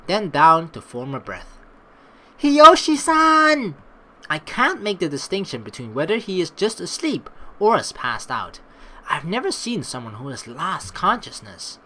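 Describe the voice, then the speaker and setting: Low-voiced woman reading a game aloud. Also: a little hiss or hum. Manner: expressive reading with asides. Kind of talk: reading a visual novel aloud.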